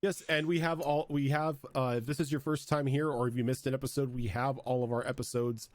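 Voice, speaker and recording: A man's voice: mid-range voice, little pitch movement, a little fast, dry recording. Chatty male game master. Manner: chatty, rambling with fillers. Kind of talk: casual wrap-up chat.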